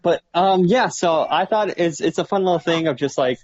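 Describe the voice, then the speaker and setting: A man's voice: a little high, moderate pace, muffled recording, noisy background. A man co-hosting a casual podcast, easygoing and self-mocking, often trailing off mid-thought. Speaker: podcast co-host. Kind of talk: casual chat.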